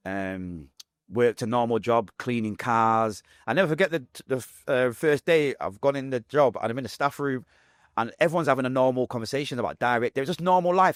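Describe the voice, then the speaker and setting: His delivery is brisk and his pitch medium as this English guest with a Manchester accent talks through his life in an interview. The tone is emotional and blunt, laced with street slang, and the recording is dry and clean.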